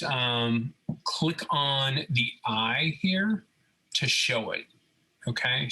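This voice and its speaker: Over poor audio, a robotics instructor with a slightly rough, mid-range voice talks through a screen-recorded CAD tutorial. He goes step by step in an easygoing way, regularly pausing on an "okay?" to check in with his audience.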